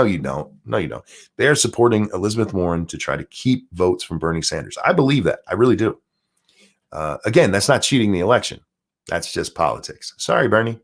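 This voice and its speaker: A man hosting a live stream, ranting and mocking in casual, profane commentary. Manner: profane, mocking rant with sudden pitch jumps. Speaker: streamer and show host.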